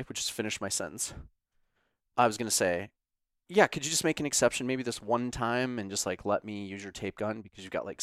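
A man telling a casual, animated story, sarcastic and full of profanity. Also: mid-range voice, no echo, clean studio sound.

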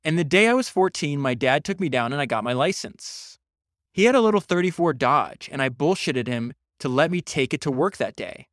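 A man's voice: a little high, lively intonation, fairly quick, fairly bright tone, no echo, studio quality. A man putting on a Texas drawl to voice a brash Texan recalling his reckless teenage years. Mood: boastful. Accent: put-on Texas drawl. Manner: boastful, folksy storytelling.

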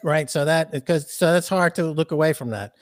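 A man talking as a podcast guest in an animated, profane, ranting way. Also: fairly high pitch, moderate pace, no room sound, clean studio sound. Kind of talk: casual podcast chat.

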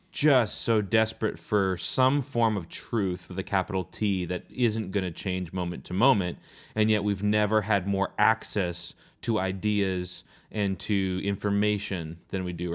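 A man co-hosting a reflective faith discussion, earnest and thoughtful, often searching for words as he talks. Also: fairly low pitch. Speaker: podcast co-host.

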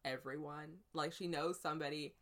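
Bright-voiced woman telling a lively story. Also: deep voice, moderate pace. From United States. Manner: lively, animated storytelling, acts out quoted voices. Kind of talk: casual storytelling chat.

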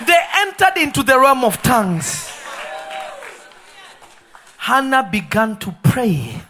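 High-voiced man preaching a fervent sermon. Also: big pitch swings, slow pace, some chatter behind, slight background noise. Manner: shouted, sing-song preaching cadence. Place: church sanctuary.

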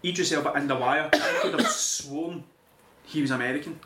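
A man's voice: on the high side, wildly swooping pitch, normal speed, sharp tone. A married Scottish man co-hosting a podcast, telling stories casually and swearing now and then. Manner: storytelling, laid-back, swears. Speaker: podcast co-host. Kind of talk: casual chat. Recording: roomy echo with faint noise.

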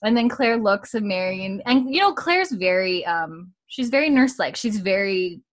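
A woman's voice: medium pitch, animated. A woman co-hosting a podcast, giggling as she recaps a show and briefly puts on the characters' voices. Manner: giggly, acts out characters' lines in quick voices. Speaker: podcast co-host. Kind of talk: casual podcast recap chat.

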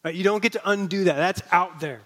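A male pastor giving a sermon in a conversational storytelling way, dropping to a soft, slow voice on key words. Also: high voice. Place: church.

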